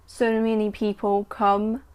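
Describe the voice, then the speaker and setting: A woman, chatting excitedly about her writing and reading aloud from her story. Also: medium pitch, slow pace, smooth. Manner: excitable, chatty, filler-heavy. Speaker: writer and vlogger. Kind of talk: casual chat and story reading.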